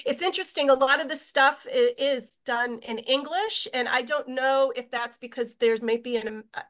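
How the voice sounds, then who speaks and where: Woman from Israel, tour guide presenting on a video call; a slightly high voice, loose and rambling with lots of fillers. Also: normal speed, fairly bright tone. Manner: chatty, meandering, many filler words. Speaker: tour guide giving a talk.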